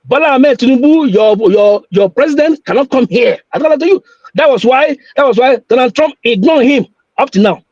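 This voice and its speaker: A man's voice: very high voice, expressive, a little fast, a little mellow, dry recording, dull audio. A man calling in to a live talk show, insistent and repetitive, often stumbling over his words. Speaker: caller. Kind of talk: call-in chat on a live show.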